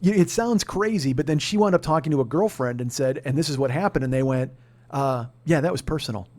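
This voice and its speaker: Man in his 40s, podcast host, slightly high voice, swearing storyteller, rants get loud. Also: fairly quick. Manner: profane ranting that climbs into shouting. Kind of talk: casual comedic storytelling.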